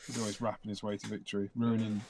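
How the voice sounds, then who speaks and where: A man's voice: on the low side, level tone, fast talker, crowd noise. A man, co-hosting a livestream in a playful, joking manner. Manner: playful, laughs easily. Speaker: stream co-host. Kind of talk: casual chat.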